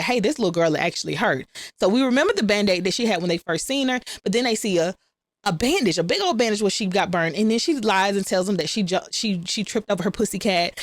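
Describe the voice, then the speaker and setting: A woman's voice: medium pitch, no echo. A woman host casually retelling a TV episode, chatting to her viewers and acting out the characters' lines in slangy, informal talk. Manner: chatty, addresses viewers as y'all; playfully acts out the characters' lines. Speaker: recap channel host. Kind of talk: casual storytelling recap.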